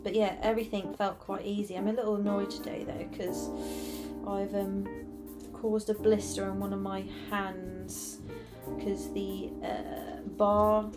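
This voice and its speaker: A young woman talks slowly while she draws on stream, rambling and correcting herself as she goes. She sounds worn out, and her thoughts wander back and forth. Music plays clearly behind her voice. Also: medium pitch, little pitch movement. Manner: rambling, self-correcting, chatty. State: tired. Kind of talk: casual chat while drawing.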